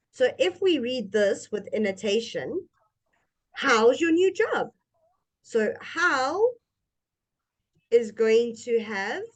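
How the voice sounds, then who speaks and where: A woman teaching English one-on-one, speaking patiently and modeling intonation for her student. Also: fairly high pitch. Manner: slow, patient, demonstrates intonation. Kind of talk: one-on-one language lesson.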